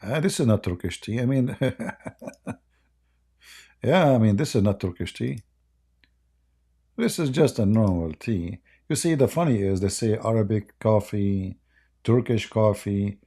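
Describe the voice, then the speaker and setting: A man with a dark, gravelly voice hosts a casual livestream, trading sarcastic jabs and laughing at his own mockery. His tone is husky and a little hoarse, as if he is losing his voice. He speaks close to a desk microphone. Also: fairly low pitch, measured pace, pauses often. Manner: mocking, sarcastic banter with frequent laughter. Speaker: livestream debate host.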